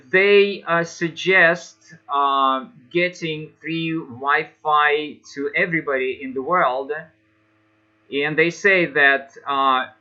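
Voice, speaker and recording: Bright-voiced man teaching English, halting. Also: a little high. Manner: halting, many fillers and restarts. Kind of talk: online class conversation. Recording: dull lo-fi online class audio.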